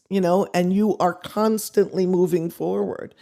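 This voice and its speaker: A woman's voice: lowish voice, steady tone, a little slow, vocal fry, dark tone. A woman guest on a video call, speaking earnestly and animatedly in an interview. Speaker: guest musician. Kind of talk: reflective interview talk.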